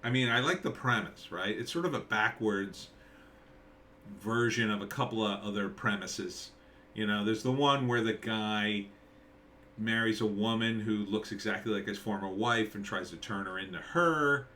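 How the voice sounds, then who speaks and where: A man's voice: lowish voice, moderate pace, bright, forceful tone, a little hiss or hum. A middle-aged man, a screenwriter, giving casual rambling commentary on a movie trailer, thinking aloud with many fillers and restarts. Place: at home with a dog nearby.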